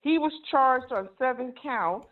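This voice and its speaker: A woman's voice: high-pitched, lively intonation, measured pace. Woman caller on a tinny phone line. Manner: reads names and details carefully. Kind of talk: reading out a list on a call-in show.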